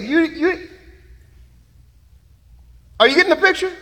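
Preacher guy, high animated voice, lots of laughs, big reverby church. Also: moderate pace. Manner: lively preaching with laughter and asides. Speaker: pastor. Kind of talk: sermon.

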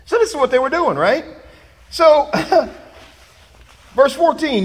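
Preacher guy, high animated voice, lots of laughs, big reverby church. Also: takes it slowly. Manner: lively preaching with laughter and asides. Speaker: pastor. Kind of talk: sermon.

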